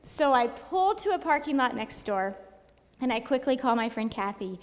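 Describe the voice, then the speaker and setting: A woman guest telling a personal story in an animated way, acting out what people said. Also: on the high side, moderate pace. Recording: long hall reverb.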